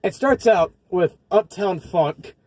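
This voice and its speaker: A man's voice: high voice, lively intonation, slow pace, a little mellow, dry recording. A man casually chatting about bad movies, rambling and swearing often, with frequent laughs. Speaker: co-host. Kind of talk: casual movie review chat.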